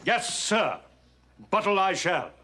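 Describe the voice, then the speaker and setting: Snooty butler, dry and formal, lively up-and-down voice, hissy old tape. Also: male voice, sits high, slow pace, exaggerated voice. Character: stiff, haughty male household butler. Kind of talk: studio sitcom acting.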